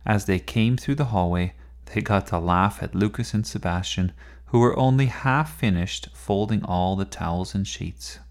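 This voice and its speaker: A man reading a children's story aloud in an unhurried, expressive way. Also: low voice.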